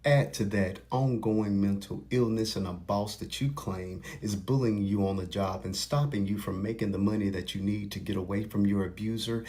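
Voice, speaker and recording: Male commentator, low, earnest and preachy. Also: normal speed, few pauses, darkish tone. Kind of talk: opinion commentary.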